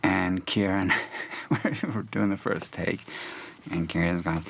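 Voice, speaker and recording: A man's voice: low voice, fairly even intonation, a little slow, vocal fry. A man in a documentary interview, telling a self-mocking story about a shoot and laughing often. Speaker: actor recalling a shoot. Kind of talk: casual interview anecdote.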